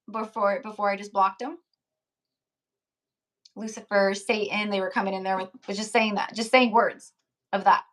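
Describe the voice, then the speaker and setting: Chatty woman with a hoarse voice. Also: medium pitch, fairly bright tone. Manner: chatty, reads out chat names, frequent "like" and laughs. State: voice going hoarse. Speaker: tarot reader hosting a live stream. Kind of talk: casual live-stream chat.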